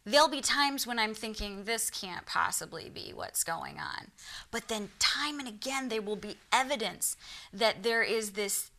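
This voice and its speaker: A woman's voice: on the high side, unhurried, pushed and bright. A woman with a Michigan accent, a guest on a TV talk show, telling her own experiences earnestly and acting out the voices she quotes. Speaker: guest, psychic medium. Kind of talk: storytelling in a TV interview.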